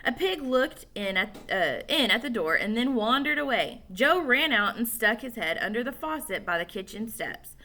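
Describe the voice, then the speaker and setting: A woman reading a children's novel aloud, her voice bright and forward. She tells the story with lively, rising and falling pitch, sitting a little high for a woman. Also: moderate pace, hardly any pauses. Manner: animated storytelling. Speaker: narrator.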